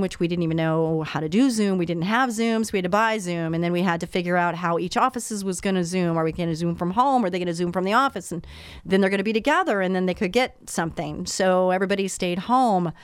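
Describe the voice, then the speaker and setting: A woman's voice: fairly low pitch, fast talker, clear, resonant tone, no echo, clean studio sound. A middle-aged woman giving an earnest, emotional motivational talk about trust and faith, speaking as a business owner and coach.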